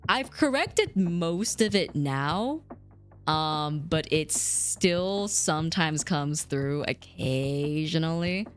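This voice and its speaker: A woman's voice: sits low, expressive, slow, soft background music. A woman around thirty chatting casually with her live chat as a streamer, reading messages aloud and laughing often.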